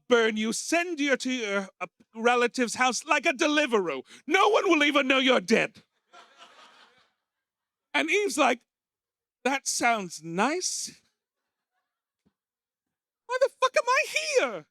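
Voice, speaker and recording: With a pushed, bright voice, a man from the United States hosts stand-up comedy in a small pub with a live crowd. He plays it camp and theatrical, swooping into shrill characters, captured in a dry, clean studio recording.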